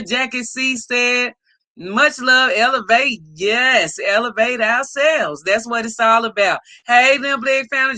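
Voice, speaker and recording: A woman hosting a casual livestream, greeting viewers by name with enthusiastic shout-outs. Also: sits high, no echo. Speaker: livestream host.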